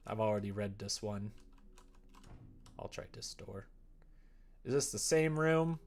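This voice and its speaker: A man's voice: fairly low pitch, lively intonation, a little slow, pauses often, a little hiss or hum. A man streaming a game, making playful, wry asides while reading the game's text aloud. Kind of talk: casual live-stream commentary.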